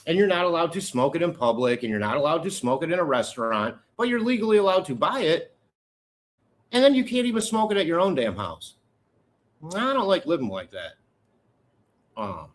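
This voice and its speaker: Lively-voiced man hosting a rambling livestream. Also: mid-range voice. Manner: rambling, candid, joking asides. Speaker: livestream host. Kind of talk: casual live chat with viewers.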